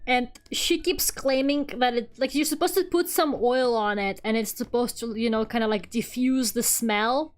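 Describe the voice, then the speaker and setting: Chatty high-voiced woman streamer. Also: moderate pace, few pauses. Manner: chatty and rambling, swears freely, laughs often. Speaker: streamer drawing live. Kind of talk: casual chat while drawing.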